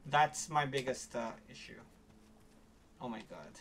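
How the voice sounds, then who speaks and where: A woman streaming a game, chatting casually with her viewers and reacting loudly to the game. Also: very deep voice, expressive, unhurried, a little hiss or hum. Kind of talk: casual gameplay commentary.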